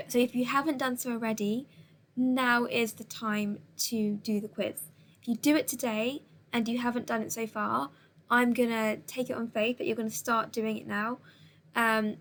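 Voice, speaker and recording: A woman teacher with a slightly high voice talks students through a lesson at a measured, patient pace, pausing now and then with an "um". Her instructions are clear and step by step, as in a recorded remote class. A faint hiss sits under her voice. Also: a bit bright.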